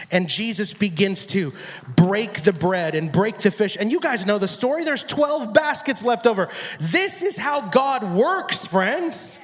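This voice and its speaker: A male guest preacher giving an energetic sermon, often repeating phrases and acting out conversations from scripture. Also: high-pitched, unhurried, long reverb tail. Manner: energetic, repetitive, acts out dialogue with God. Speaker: guest speaker. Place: church.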